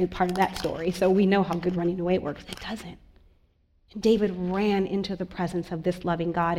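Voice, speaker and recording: A woman pastor giving a sermon in a church, earnest and confiding, moving between soft asides and emphatic lines. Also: lowish voice.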